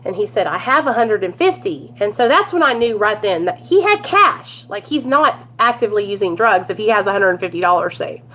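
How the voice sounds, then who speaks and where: A woman's voice: mid-range voice, animated, a little fast, few pauses, a bit bright. A woman chatting at home to her viewers, telling a story and calling them you guys and y'all. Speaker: recovery vlogger.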